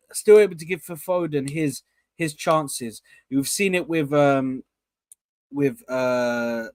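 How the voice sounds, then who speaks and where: A young man chats loosely on a live stream and keeps circling back to shout out his viewers. His voice sits a touch high for a man. The sound is close and dry, with no room around it. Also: no echo. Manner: rambling, repeats himself, shouts out viewers. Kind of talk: casual live chat.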